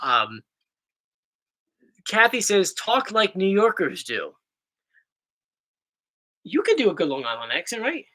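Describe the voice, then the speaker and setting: A man's voice: high voice, slow, long pauses. A young man from South Jersey with a South Jersey accent, hosting a casual Q&A chat in a joking, rambling way. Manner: joking, rambling, animated explainer. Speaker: channel host.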